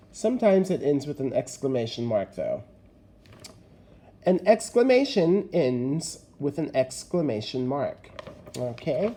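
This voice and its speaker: Slow, lively-toned male teacher. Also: high-pitched. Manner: slow, deliberate, stressing key words. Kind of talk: recorded remote grammar lesson.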